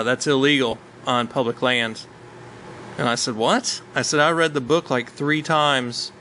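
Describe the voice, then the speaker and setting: Man, casual storyteller, rambling, filler words, bright forceful voice. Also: medium pitch, slight background noise, low-quality recording. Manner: rambling, with many ums and uhs. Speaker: hunter telling a story.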